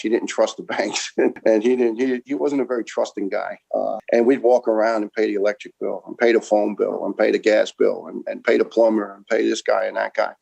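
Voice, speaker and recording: A man's voice: fairly low pitch, gravelly, a little mellow, poor audio. A middle-aged man from Brooklyn, a former first responder giving an earnest, impassioned interview and repeating words as he builds each point. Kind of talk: conversational interview.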